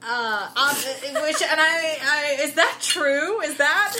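Woman co-host, high bright voice, animated retelling, faint background noise. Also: slow. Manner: animated, acts out characters in quotes. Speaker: podcast co-host. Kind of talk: casual book discussion chat.

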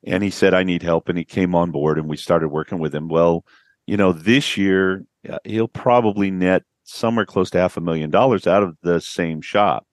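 Deep-voiced man telling client stories. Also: normal speed, dry recording, clean studio sound. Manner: storytelling, acts out quotes with a rising voice. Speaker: business coach guest. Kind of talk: podcast interview.

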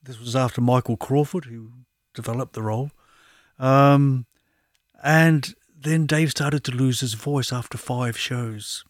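A man who works as an osteopath and acupuncturist, telling anecdotes as a guest in a relaxed, chatty way. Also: mid-range voice, measured pace, no room sound, studio quality. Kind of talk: conversational anecdotes.

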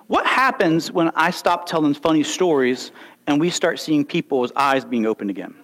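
A man's voice: a little high, animated, moderate pace, a bit bright. A young man preaching a sermon, emphatic and full of rhetorical questions and stories. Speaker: pastor.

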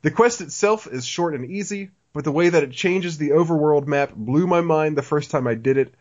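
Male podcast co-host, slightly high voice, animated and laughing, muffled lo-fi audio. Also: moderate pace. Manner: animated, laughs often, reads listener email aloud. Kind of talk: casual podcast chat.

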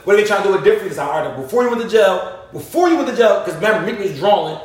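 A man in a heated casual debate on a podcast, animated and argumentative, often cutting in on the others. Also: high voice, racing, recorded from a distance. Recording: very echoey room.

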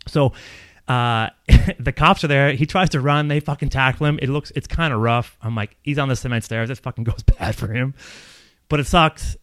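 A man with a medium-pitched voice, speaking at a moderate pace with no echo, tells a long personal story. He rambles casually, swears a lot, and laughs along the way, keeping the telling animated.

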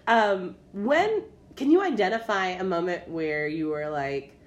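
A woman with a lowish voice hosts a podcast in easy conversation. She is playful, laughs often, and throws in jokey asides while asking questions. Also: expressive, measured pace. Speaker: podcast host. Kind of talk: casual interview chat.

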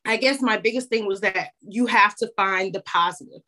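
A woman's voice: medium pitch, moderate pace, sharp tone. A woman guest speaking earnestly and from the heart in a casual interview, with plenty of fillers. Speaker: guest, content creator.

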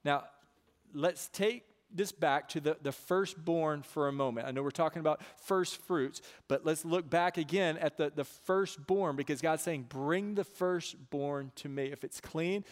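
A man preaching a sermon as a pastor, emphatic and given to repeating words and asking "right?" of his listeners. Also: on the high side.

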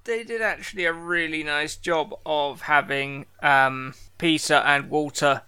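A man's voice: on the high side, steady tone, measured pace, sharp tone, smooth. A man co-hosting a podcast in casual chat, wry and reading out trivia notes. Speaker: podcast co-host.

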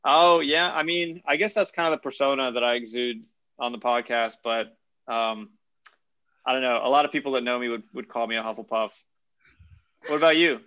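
A man's voice: medium pitch, fairly even intonation, normal speed, pushed and bright, highs cut off. A young adult man co-hosting a podcast, chatting casually in a thoughtful, wordy way. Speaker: podcast co-host. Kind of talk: casual chat.

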